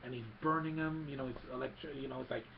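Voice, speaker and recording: A man's voice: medium pitch, steady tone, fast, vocal fry. A man eagerly retelling a film plot in a casual recap, rambling and restarting as he goes, on a dull lo-fi recording with faint hiss. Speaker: film reviewer.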